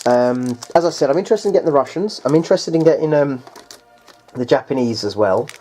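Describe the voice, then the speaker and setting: A man's voice: mid-range voice, animated, fairly quick, warm tone, soft background music. A man chatting casually through a tabletop game unboxing. He rambles and hesitates, restarts often, and keeps addressing the viewers as guys.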